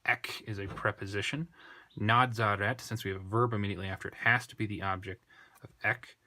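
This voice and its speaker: A man teaching a language lesson, working slowly through a text, thinking aloud and correcting himself as he goes. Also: fairly low pitch, fairly even intonation, bright, forceful tone. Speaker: Greek tutor. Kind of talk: unscripted screen lesson.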